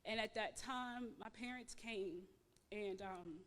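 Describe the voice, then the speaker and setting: A woman's voice: medium pitch, a bit bright. Emotional woman testifying in a reverberant church. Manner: emotional, halting, repeats words with many fillers. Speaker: church member giving testimony. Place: church sanctuary.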